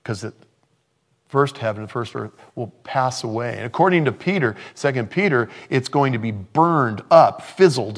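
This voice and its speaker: A man in his sixties preaching an informal sermon, with a gravelly, husky voice at a middle pitch. He talks with animation, jumping from loud exclamations to hushed, quiet asides. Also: lively intonation, normal speed. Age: 60s. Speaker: pastor.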